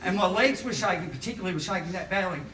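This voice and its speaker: A man's voice: high voice, animated, rapid-fire, a loud crowd. A man in his late forties doing a stand-up comedy set, self-deprecating and often laughing mid-line. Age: late 40s. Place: small live comedy venue. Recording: echoey, distant, noisy room recording.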